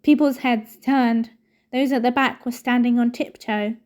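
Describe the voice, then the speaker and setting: A woman reading a novel aloud in a steady storytelling manner. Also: on the high side, unhurried. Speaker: reader.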